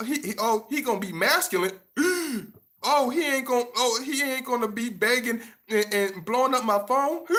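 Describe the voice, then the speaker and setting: A man putting on a high, whiny woman's voice, gasping between complaints to mock her. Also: a little fast, few pauses, bright, forceful tone. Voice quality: high, breathy gasps between phrases.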